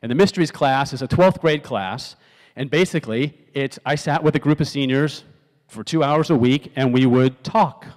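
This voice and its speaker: A man's voice: mid-range voice, moderate pace, a little mellow. A middle-aged man giving a conversational talk on stage to a youth audience, asking the crowd questions and acting out text messages in different tones. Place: large auditorium. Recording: long hall reverb from the auditorium.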